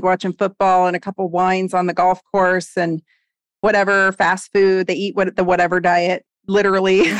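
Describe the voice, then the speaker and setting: A woman in her forties, a doctor guest on a podcast interview, talking in an animated, emphatic way. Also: mid-range voice, no echo. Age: 40s.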